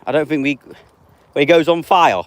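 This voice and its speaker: A man's voice: a little high, normal speed, no room sound. Male streamer, 30s, casual and chatty, answers chat directly. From England. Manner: reads out viewer names and answers them offhand. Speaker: live streamer.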